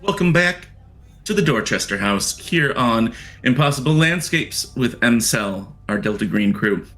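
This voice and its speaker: A man's voice: mid-range voice, lively intonation, unhurried, a bit bright. A man running a tabletop horror game as game master, narrating casually with plenty of fillers. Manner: casual, rambling, many fillers.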